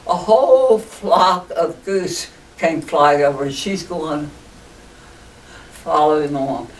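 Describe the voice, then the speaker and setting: A woman's voice: low voice, takes it slowly. An older woman telling stories in a group interview, chatty and laughing often. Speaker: interviewee, ballooning pioneer. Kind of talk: casual storytelling interview. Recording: distant mic with faint noise.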